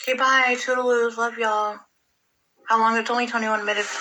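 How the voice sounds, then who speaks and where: A woman's voice: fairly high pitch, level tone, moderate pace, noisy background. A woman telling a rambling personal story in casual, profane talk, full of "like". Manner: rambling, profane, heavy use of "like".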